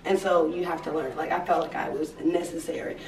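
A woman's voice: sits low, fairly quick. Laughing storyteller woman, echoey far-off voice. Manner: animated, laughing storyteller who switches into Spanish. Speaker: family member telling stories. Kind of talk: casual chat. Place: family home during hurricane evacuation. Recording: echoey room, voice off-mic, crowd chatter.

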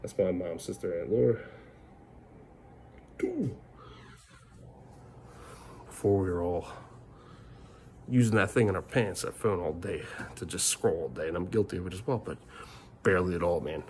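Middle-aged male vlogger, rambling frustrated rant on a phone mic, gravelly voice, faint noise behind. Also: low voice, fairly quick, a little mellow. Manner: rambling, repeats himself, swears. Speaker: family vlogger.

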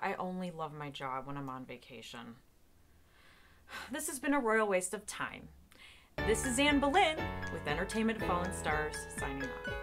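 An actress playing a deadpan entertainment reporter who narrates and interviews in a mockumentary. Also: female voice, lowish voice, moderate pace, music in the background. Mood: dry. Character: female entertainment reporter, dry and exasperated. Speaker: documentary interviewer.

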